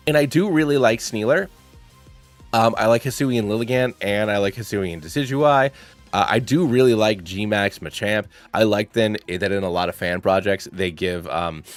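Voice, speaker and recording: A young man hosting a channel, talking through his picks in a rambling, playful way, with lots of fillers. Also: medium pitch. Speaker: channel host. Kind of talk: casual gaming commentary.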